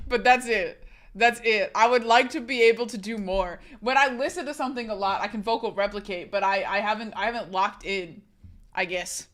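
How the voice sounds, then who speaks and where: A woman's voice: medium pitch, normal speed, a bit bright. A young adult woman from the United States, chatting casually on a live stream in a giggly, rambling, self-mocking way.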